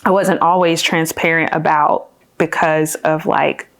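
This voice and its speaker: An earnest woman in her thirties chats with her sister on a podcast, thinking aloud with fillers and restarts. Her voice sits a little low for a woman. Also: fairly even intonation, a little slow, vocal fry. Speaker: podcast guest, older sister. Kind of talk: casual chat.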